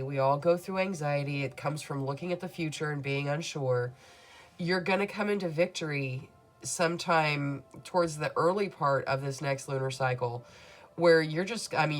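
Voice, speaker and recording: A woman reading tarot cards for her viewers in a soothing, affirming way. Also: sits low. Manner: soothing, affirming, speaks to viewers as "beautiful souls". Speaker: tarot reader.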